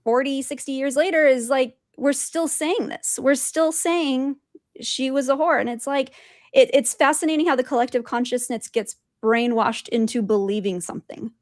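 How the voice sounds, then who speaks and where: A woman guest telling her spiritual experiences in an animated way, laughing often and acting out quotes. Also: high-pitched, moderate pace, no room sound, clean studio sound. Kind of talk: storytelling in conversation.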